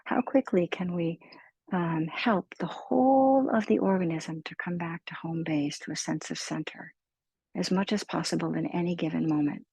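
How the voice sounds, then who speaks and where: Gentle, slow-spoken woman meditation teacher, husky. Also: on the low side, dry recording, rough recording. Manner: slow, gentle, soothing delivery. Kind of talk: guided mindfulness talk.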